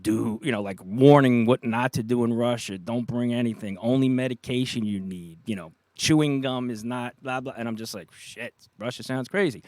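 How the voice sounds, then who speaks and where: New York man telling a lively story. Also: mid-range voice, dry recording. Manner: animated anecdotes, acts out quoted voices, laughs often. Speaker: guest, retired police officer. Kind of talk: casual storytelling.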